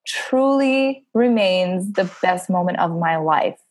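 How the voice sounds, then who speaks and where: A woman's voice: on the low side, expressive, slow pace, no room sound, poor audio. A woman in her thirties, a podcast guest who talks openly and laughs often between her phrases. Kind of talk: candid casual interview chat.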